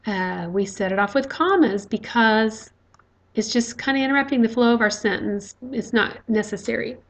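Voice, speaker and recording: A woman's voice: fairly high pitch, moderate pace. A woman teaching a recorded grammar lecture, explaining step by step with frequent fillers.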